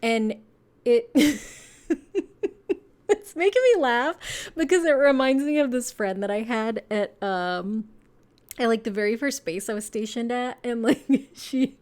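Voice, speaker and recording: A woman's voice: fairly high pitch, darkish tone. A woman giving a casual pick-a-card tarot reading, chatty and meandering, with lots of fillers, frequent laughter and casual swearing. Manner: laughs often while talking.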